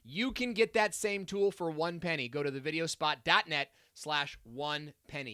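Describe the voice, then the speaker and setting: A man with a bright, clear voice hosts a live Q&A stream, reading viewer comments aloud. He talks in an upbeat, chatty way, full of fillers and playful asides. The sound is dry and close. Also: a little high, no echo.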